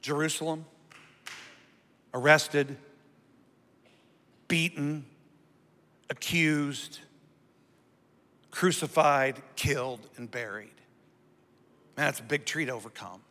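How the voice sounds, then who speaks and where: A man's voice: a little high, takes it slowly, long pauses, sharp tone, in a large hall. A male pastor preaching a sermon, using call-and-response and asking the congregation to repeat words after him.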